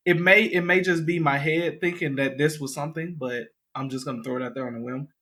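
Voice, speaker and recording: A man's voice: fairly high pitch, fairly even intonation, brisk, sharp tone. A man co-hosting a podcast, chatting casually and thinking aloud with hesitant fillers. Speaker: podcast co-host. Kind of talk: casual chat.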